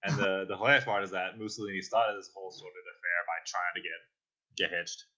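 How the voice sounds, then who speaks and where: A man's voice: deep voice, flat delivery, a little fast, bright, forceful tone, muffled recording. A man joining a casual history podcast as a guest, dropping dry sarcastic remarks.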